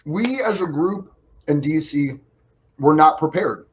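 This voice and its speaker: A man with a somewhat high voice tells it all in an excited rush on a video call. His audio comes through dull and lo-fi. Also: slight background noise. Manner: fast, excited, repeats "like" and "literally". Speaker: show co-host. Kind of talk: casual chat.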